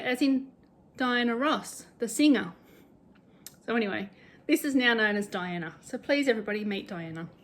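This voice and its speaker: Her voice sits on the high side and sounds a bit bright. A middle-aged Australian cross-stitch vlogger, she rambles happily in casual chat about stitching and sewing at home, with the odd self-deprecating joke.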